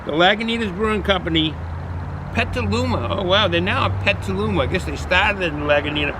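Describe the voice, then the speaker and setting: Casual Boston-accented guy, a bit high-voiced, rambling outdoor beer review over clear traffic noise. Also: fast. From New England, US. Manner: rambling, chatty, repeats himself with frequent fillers. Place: outdoors in cold weather.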